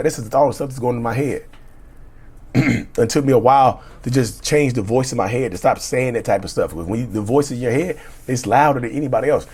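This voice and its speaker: Middle-aged guy, husky voice, talking straight to camera, blunt and repetitive, swears a bit. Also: mid-range voice, fairly quick, darkish tone. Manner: emphatic, repetitive, blunt with cussing. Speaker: relationship coach. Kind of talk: casual motivational talk.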